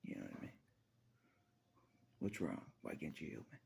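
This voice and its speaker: Deep gravelly husky man, half-whispered. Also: very animated, normal speed. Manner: rambling, laughs often, rants out loud at God. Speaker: vlogger. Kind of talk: casual rambling monologue.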